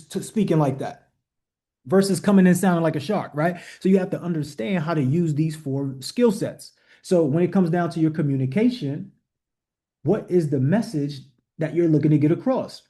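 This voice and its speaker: Leading a leadership call online, this male coach talks at a normal speed in a dark voice that sits on the high side. He teaches the group motivationally, bluntly and emphatically, firing off direct commands and repeating rhetorical questions.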